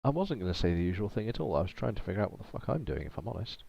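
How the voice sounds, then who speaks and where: Lively low-voiced man running a game. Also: rapid-fire, vocal fry. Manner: casual, swearing, joking. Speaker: game master. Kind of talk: running a tabletop game over a call. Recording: dry, dull lo-fi call audio.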